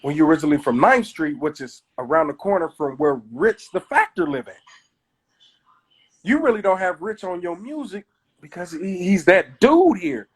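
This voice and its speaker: A man's voice: sits high, very animated, husky. A man from Kansas City, a comedian telling stories in casual chat on a live stream. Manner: storytelling, does quick voices of others.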